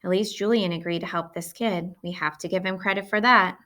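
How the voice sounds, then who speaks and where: A woman's voice: lowish voice, steady tone, fairly quick, pushed and bright. Woman reading as a firm, coaxing mother. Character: patient but firm middle-aged mother.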